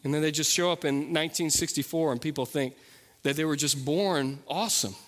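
A preacher in a reverberant hall. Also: male voice, on the high side, brisk. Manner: preaching earnestly, dropping to soft intensity on key points. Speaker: pastor. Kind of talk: sermon.

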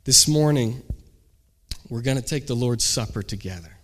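A man's voice: mid-range voice, moderate pace. Man preaching a story-driven sermon. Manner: animated storyteller, acts out shouted quotes. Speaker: pastor.

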